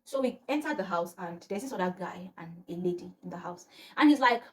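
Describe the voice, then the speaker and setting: A young woman, telling a personal story to camera in a casual, animated way and acting out the dialogue. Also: fast talker, hardly any pauses. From Nigeria. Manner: animated, acts out quotes with rising pitch, laughs between lines. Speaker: storytime vlogger.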